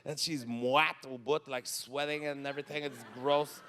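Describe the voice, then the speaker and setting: A man with a Quebec French accent performing stand-up comedy live, telling stories in an animated way and acting out what people said. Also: mid-range voice, normal speed, slight background noise. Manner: animated storytelling, acting out quotes. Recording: reverberant live venue with ambience.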